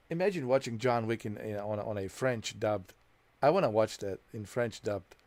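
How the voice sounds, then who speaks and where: A gameplay streamer casually commentates over a story game, joking about dubbed films, imitating foreign accents and dubbing, and laughing a lot. His voice is lowish and somewhat dark, at a normal speed.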